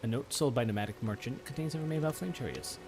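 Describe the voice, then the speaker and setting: A man hosting a let's play, chatting casually about the game he plays, excitable, swearing and restarting his sentences. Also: mid-range voice, very fast, vocal fry, over music. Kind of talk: casual gameplay chat.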